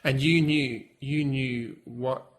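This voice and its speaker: Soft-spoken man asking questions. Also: mid-range voice, steady tone, takes it slowly, crowd noise. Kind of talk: casual interview.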